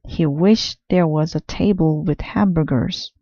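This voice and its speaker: A woman reading a children's picture book aloud with slow, careful, clear storytelling. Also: deep voice, mellow, no room sound, dull audio.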